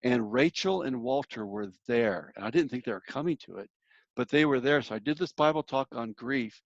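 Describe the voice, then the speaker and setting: A man's voice: mid-range voice, expressive, moderate pace, no echo, lo-fi sound. A man giving a church workshop talk on grief, telling a personal story in an earnest way and speaking directly to his listeners.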